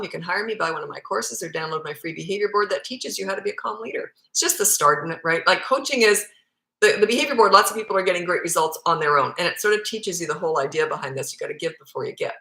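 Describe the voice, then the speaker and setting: A woman's voice: lowish voice, pushed and bright. A woman parenting coach answering viewer questions live, speaking in a blunt, emphatic way. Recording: echoey room.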